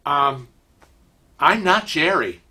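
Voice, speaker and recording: A man's voice: a little high, animated, slow pace, pushed and bright, slightly rough, heavily acted. A man voicing another man in a dry, matter-of-fact way. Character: unruffled man setting the record straight.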